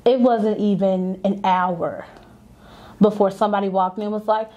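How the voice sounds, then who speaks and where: A woman's voice: a little high, unhurried, long pauses, warm tone. A young adult woman and business owner telling a personal story candidly and conversationally, acting out the voices she quotes.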